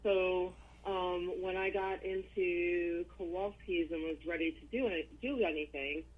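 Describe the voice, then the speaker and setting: A woman talks in a husky voice as a guest in a casual interview, blunt and unafraid to swear. She comes through a video call. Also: fairly low pitch, fairly even intonation, measured pace, narrow, tinny audio. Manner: blunt and profane. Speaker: wrestling guest.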